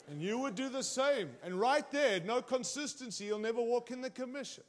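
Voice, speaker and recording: A man's voice: very high-pitched, fairly quick, few pauses. A man preaching a sermon in a conversational way, often turning to the congregation with direct questions.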